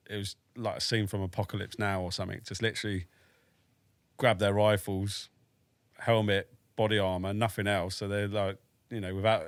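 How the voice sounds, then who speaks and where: A man's voice: on the low side, dry recording. A British man around forty, an army veteran telling a story as a podcast guest in a frank, matter-of-fact way, with dry humour and swearing. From United Kingdom. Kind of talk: casual storytelling in a podcast interview.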